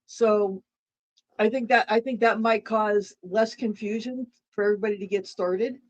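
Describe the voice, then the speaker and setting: A woman's voice: mid-range voice, fairly even intonation, normal speed, dull audio. Rambling woman co-host, eating while talking. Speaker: livestream co-host. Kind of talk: casual livestream chat.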